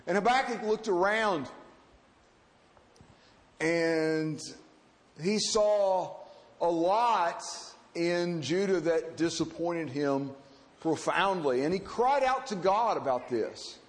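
A pastor delivers a sermon in an earnest, halting manner, pausing often on fillers. His voice sits high for a man. A long hall reverb trails each phrase. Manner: earnest, hesitant with frequent fillers.

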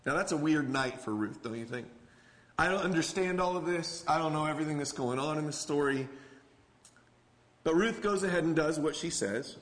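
A man's voice: fairly high pitch, moderate pace, big-room sound. A man preaching a sermon as a pastor, talking in an earnest, conversational way with casual asides.

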